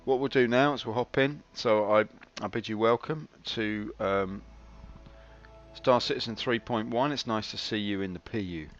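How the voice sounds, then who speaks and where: A man streams his game with low-leaning, moderately paced commentary that's chatty, wry, and self-mocking. The stream audio sounds slightly dull, with faint game music behind him.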